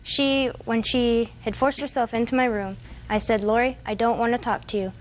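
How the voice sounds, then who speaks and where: A woman in her twenties giving courtroom testimony, retelling events haltingly with fillers and restarts. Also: fairly high pitch, fairly even intonation, slight background noise. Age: 20s. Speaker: defendant.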